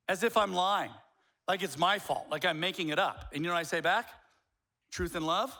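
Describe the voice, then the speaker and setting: Bright-voiced guy preaching, acts out arguments, goes hushed then yells, bit high. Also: normal speed. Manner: animated, acts out both sides of arguments, swings from hushed to shouting. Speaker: pastor. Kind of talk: sermon.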